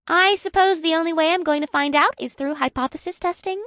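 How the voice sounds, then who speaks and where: A woman's voice: very high voice, fairly quick, a bit bright, no echo, studio quality. A woman playing an eager, curious young woman scientist in an audiobook, asking question after question. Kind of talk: audiobook character voice.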